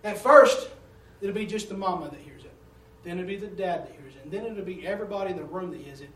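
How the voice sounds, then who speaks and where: A man preaching a sermon in a folksy storytelling way, swinging from loud to hushed. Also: high voice, fast, a little hiss or hum. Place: church sanctuary. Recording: echoey room heard from a distance.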